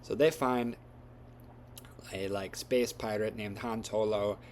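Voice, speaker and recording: A man's voice: on the low side, fairly even intonation, slow pace, a little mellow, slight background noise. A man retelling a story from memory in a casual, rambling way with loose grammar and lots of fillers.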